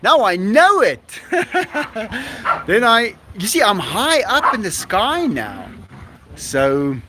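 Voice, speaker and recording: A man, talking in a high, swooping voice at an unhurried pace. He gushes warmly over his viewers and breaks into laughter often. It is a casual live-stream chat recorded outdoors on a rooftop. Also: huge pitch swings, background noise. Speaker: live-stream host reading donations.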